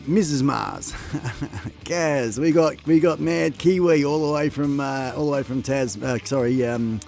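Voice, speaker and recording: A man hosting a casual live stream, excitable and laughing as he plays music and gives shout-outs to viewers from his home studio. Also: mid-range voice, measured pace, creaky. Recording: music playing behind.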